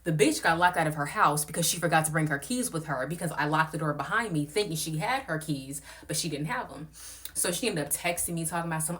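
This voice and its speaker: A woman's voice: low voice, a little fast, fairly bright tone. A young woman telling a rambling, profane storytime in a casual, blunt way. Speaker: content creator.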